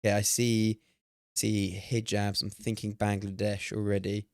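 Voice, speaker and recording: A young man streaming a game, talking excitedly, swearing and laughing at himself. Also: on the low side, unhurried, no room sound, clean studio sound. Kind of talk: live-stream gameplay commentary.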